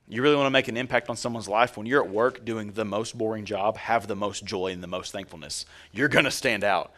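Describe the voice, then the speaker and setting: A male pastor preaching at a middle pitch in a relaxed, conversational manner. He jokes and addresses the congregation directly as he speaks. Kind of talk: sermon.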